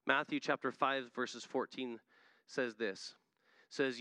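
A man's voice: medium pitch, unhurried, sharp tone, dry recording. A man preaching a sermon in an earnest manner, often building to emphatic peaks. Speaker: missionary preacher.

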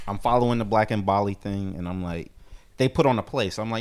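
A man's voice: lowish voice, quick pace. A man telling a long travel story in a casual, slang-heavy chat. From United States.

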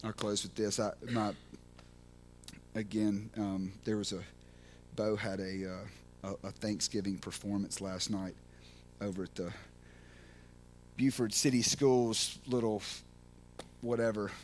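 A man preaching passionately on a podcast, swinging from hushed prayer to shouted excitement, full of restarts and "man" and "you know.". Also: fairly low pitch, unhurried, long pauses, slight background noise. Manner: repeats words and restarts, casual fillers like man and you know. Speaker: podcast speaker at a recovery ministry. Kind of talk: impassioned preaching.

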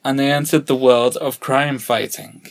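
A man's voice: mid-range voice, steady tone, measured pace, vocal fry. A man co-hosting a casual podcast, teasing his co-host with jokes and puns. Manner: teasing, joking banter with puns.

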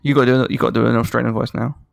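A man's voice: medium pitch, little pitch movement, rapid-fire, vocal fry, no echo, clean studio sound. A man co-hosting a podcast, joking in a drawling, casual way. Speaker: podcast co-host. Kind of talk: casual chat.

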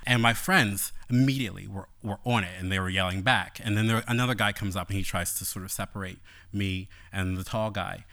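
A man telling a personal story on stage, animated and playful, later quiet and reflective. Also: on the low side, fairly quick.

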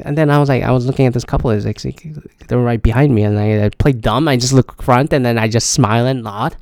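A man hosting a casual solo podcast from a hotel room, talking quietly in a rambling, blunt, profane way. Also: mid-range voice, fast, vocal fry, slight background noise. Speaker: podcast host.

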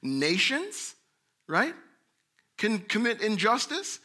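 A man preaching a sermon, earnest, rising to emphatic bursts and dropping to soft low asides. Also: huge pitch swings, slow.

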